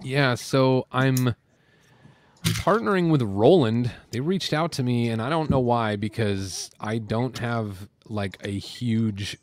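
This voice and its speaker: A man's voice: medium pitch, measured pace. A man chatting casually on a group live stream, rambling with fillers and laughing at himself. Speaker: streamer and panel guest.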